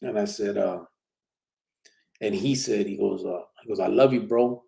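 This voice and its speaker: A man's voice: on the low side, fairly even intonation, moderate pace, gravelly, mellow, rough recording. A man casually telling a personal prison story in street slang, with many restarts and "you know what I'm saying". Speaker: podcast host telling his prison story.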